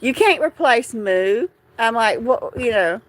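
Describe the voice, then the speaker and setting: A woman, talking through grief on a live stream, halting and repeating herself, tearful at times. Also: fairly high pitch, animated, poor audio. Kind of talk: emotional live stream chat.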